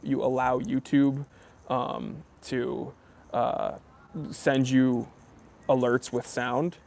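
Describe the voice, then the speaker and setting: Gravelly guy rambling thru a live stream chat, lots of ums, easygoing, medium pitch. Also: darkish tone. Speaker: watch channel host. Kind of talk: casual live stream Q&A, reading chat comments.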